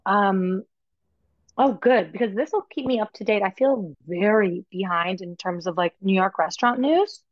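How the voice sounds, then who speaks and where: A woman co-hosts a food podcast in relaxed, chatty talk and is quick with short reactions. Her voice sits at a middle pitch. The recording is dry and dull, with a lo-fi edge. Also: no echo. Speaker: podcast co-host. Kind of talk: casual chat.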